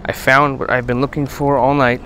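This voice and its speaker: A man giving casual running commentary while metal detecting on a beach at night, chatting to his finds with excited bursts. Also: mid-range voice, moderate pace, a little hiss or hum. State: out of breath.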